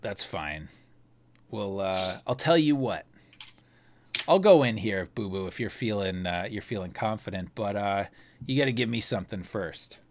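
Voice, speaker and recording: A man voicing a gruff, suspicious male card player in a low, slow voice. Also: lively intonation.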